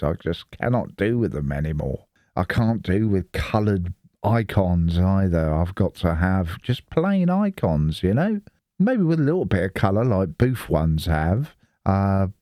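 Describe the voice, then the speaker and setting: A man's voice: sits low, warm tone, dry recording, studio quality. A middle-aged man from the Isle of Wight, chatting in a rambling way and swearing freely while he records his screen. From Isle of Wight, England. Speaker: Linux video host. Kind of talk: casual screen-recording commentary.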